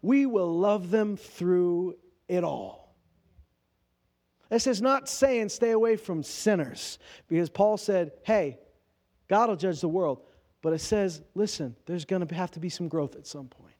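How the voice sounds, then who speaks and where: A man's voice: sits high, measured pace, darkish tone. A man preaching a sermon in a conversational way, asking his listeners rhetorical questions and acting out quoted speech in everyday voices. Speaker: pastor.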